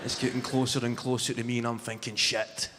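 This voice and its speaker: Man, twenties, Glaswegian accent, sweary stand-up storytelling, live arena echo, loud crowd. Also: medium pitch, monotone, quick pace, heavy background noise. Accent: Glaswegian Scottish. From Scotland. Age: 20s. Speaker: stand-up comedian. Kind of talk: stand-up comedy routine. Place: large arena stage with a laughing crowd.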